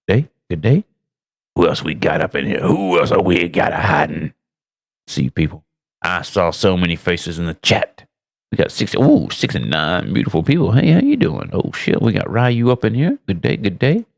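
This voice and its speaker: A man hosting a casual live stream, loudly greeting his chat with rambling, profane, self-mocking asides. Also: very animated, normal speed, vocal fry. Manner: greets chat loudly with big swooping pitch jumps. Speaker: livestream host.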